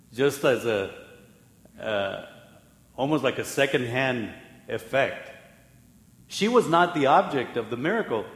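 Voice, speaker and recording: A man preaching a sermon as pastor, telling the story with lively acted-out voices and laughing at himself now and then. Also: medium pitch. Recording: echoey hall with long reverb.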